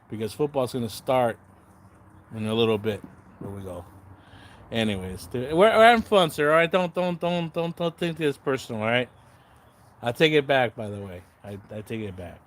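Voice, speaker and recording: A man's voice: medium pitch, fairly bright tone. Guy on a livestream talking back to chat, sarcastic, rambly, swears a lot, keeps losing his thread. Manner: loses his train of thought and restarts often. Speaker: livestream host. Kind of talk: casual livestream chat, answering viewer comments.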